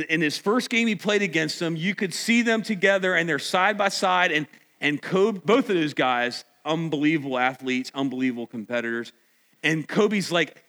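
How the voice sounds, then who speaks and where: Male preacher, emphatic sermon delivery, fairly high voice, reverberant hall. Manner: emphatic, rising to near shouts. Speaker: pastor. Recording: echoey hall.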